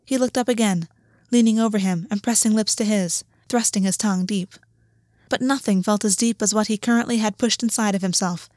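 A woman's voice: mid-range voice, a little fast, a little mellow, no echo. Woman reading a story, dry sound. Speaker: audiobook narrator. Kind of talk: scripted story narration.

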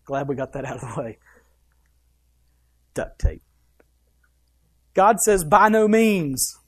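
A pastor preaches an emphatic sermon, reading scripture verses aloud and then driving the point home. His punchy delivery is broken up by quick offhand asides. The voice is mid-range, very animated and a little mellow, with a breathy edge.

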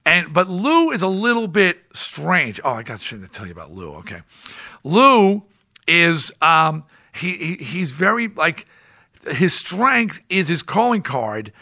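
A man hosting a podcast who tells stories casually in an animated, rambling way with lots of restarts. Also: on the high side, measured pace. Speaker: podcast host. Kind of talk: casual storytelling.

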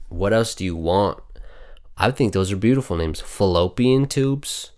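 A man's voice: fairly low pitch, lively intonation, moderate pace, darkish tone. A man hosting a casual news commentary show, reading headlines aloud and reacting bluntly with heavy swearing. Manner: blunt, outspoken. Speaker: host.

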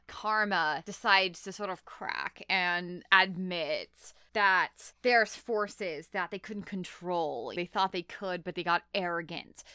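A woman's voice: on the low side, smooth, no room sound. A woman host in casual chat, recapping a show animatedly and saying "like" a lot. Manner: animated, heavy use of "like".

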